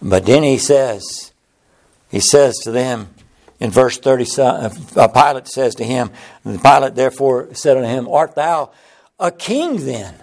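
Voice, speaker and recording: A man's voice: measured pace, creaky, darkish tone. A man preaching a sermon, building passion through repeated phrases and Bible quotations. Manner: impassioned, rising pitch on repeated phrases.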